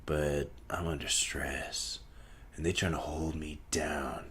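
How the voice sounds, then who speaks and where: A man's voice: rumbling low, steady tone, slow, a bit bright, a little hiss or hum. A young man rambling through a profane solo podcast monologue, talking in circles. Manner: rambling, profane, stream of consciousness. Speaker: podcast host.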